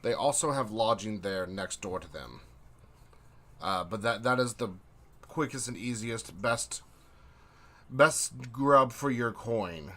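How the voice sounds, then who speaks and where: A polite dockside merchant stumbles over his words and starts his sentences again, as a game master puts him on. His voice is bright and a little higher than usual. He tries to give helpful directions. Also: expressive, slow, pauses often, full character voice. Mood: flustered. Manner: stammering, polite, restarting phrases. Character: flustered male dockside merchant.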